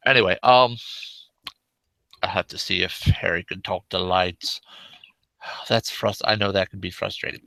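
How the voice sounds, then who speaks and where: A man's voice: sits low, creaky, bright, forceful tone, dry recording, full character voice. A man voicing the courteous male leader of an underground brotherhood, speaking formally and unhurriedly.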